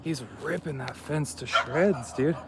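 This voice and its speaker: On a trail hike, a male vlogger films himself talking in a relaxed, meandering style full of slang. His voice is on the high side and a bit slow, captured in a noisy outdoor recording.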